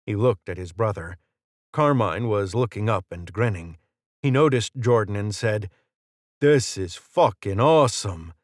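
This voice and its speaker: A male narrator reading fiction in a steady, measured way. His voice sits low. The recording is dry with no room sound. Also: no echo. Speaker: audiobook narrator. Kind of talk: scripted narration.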